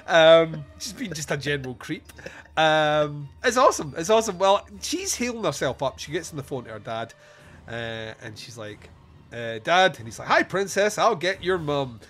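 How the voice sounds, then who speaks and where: A man hosting a casual film review podcast, animated and quick to laugh, acting out lines from the movie. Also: fairly high pitch. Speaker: podcast host.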